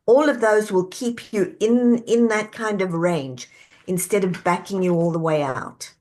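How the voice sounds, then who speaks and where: A woman speaking as a guest in an interview, her voice at an ordinary middle pitch. She lays out her ideas in a measured, reflective way, one step after another. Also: a little mellow. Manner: measured, reflective, walks through questions step by step. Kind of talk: interview answer, coaching talk.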